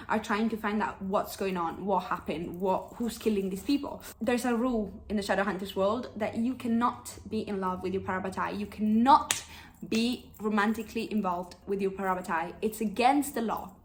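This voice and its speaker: A young woman chatting casually about books she loved, expressive and gushing, swearing freely. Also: mid-range voice, slight background noise, low-quality recording. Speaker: book vlogger. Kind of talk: casual book review chat.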